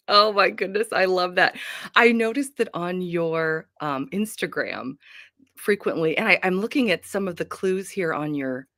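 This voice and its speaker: A woman's voice: lowish voice, pushed and bright, no room sound, clean studio sound. A woman from North Carolina hosting a livestream book chat, bubbly and gushing, laughing often. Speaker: host. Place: home.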